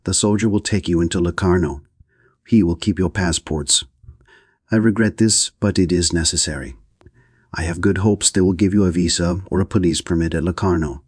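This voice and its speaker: A man's voice: low voice, normal speed, darkish tone, husky, dry recording, clean studio sound. A man reading the lines of a thin, officious border officer in an audiobook, speaking in a stiff, clipped way. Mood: formal.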